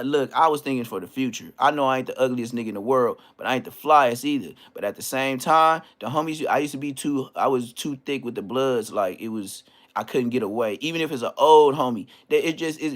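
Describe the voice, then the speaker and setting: A man tells stories as a podcast guest in loose, slangy talk. His voice sits a little high, and he jumps in with restarts and animated asides. He speaks as a casual storyteller.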